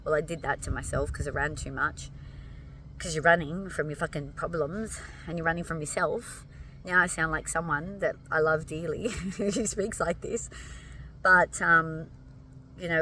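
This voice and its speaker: A woman, hoarse and tired, talking earnestly and emotionally to her followers and swearing casually. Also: low voice, bright, forceful tone, recorded from a distance, a little hiss or hum, poor audio. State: hoarse, fatigued. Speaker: vlogger addressing followers. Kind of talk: emotional direct-to-camera talk.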